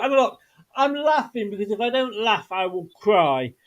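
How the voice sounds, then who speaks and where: Wry fan-channel host, fairly high voice, laughing off frustration. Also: male voice, animated, moderate pace, dull audio. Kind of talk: casual fan chat.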